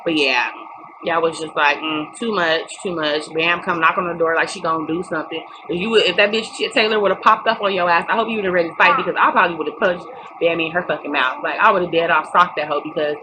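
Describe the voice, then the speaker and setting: Brief: young woman, lower-pitched, blunt and cussing vlogger, recording with steady noise behind. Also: fast talker. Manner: blunt, profane, emphatic. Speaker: reality TV recap vlogger. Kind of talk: casual opinionated recap. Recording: noticeable background noise.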